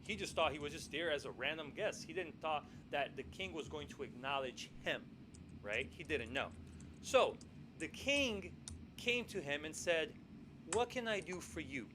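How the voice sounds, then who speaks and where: High-voiced man telling a story. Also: normal speed, noisy background. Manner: animated, repeats "right?" often; acts out quoted lines in the story. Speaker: podcast co-host. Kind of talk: casual storytelling.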